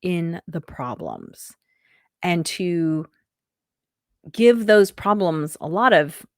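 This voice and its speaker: A woman's voice: on the low side, sing-song, very slow, dry recording, studio quality. A woman hosting a podcast, sharing a personal story in a conversational, thoughtful way with light laughs now and then. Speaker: podcast host.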